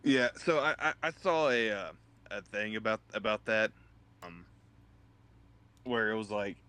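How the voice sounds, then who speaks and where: A young man co-hosting a podcast, telling stories in a halting, laid-back way. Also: on the low side, bright, forceful tone, clear, resonant tone, no room sound. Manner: halting, restarts often, laid-back storytelling. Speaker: podcast co-host. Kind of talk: casual chat.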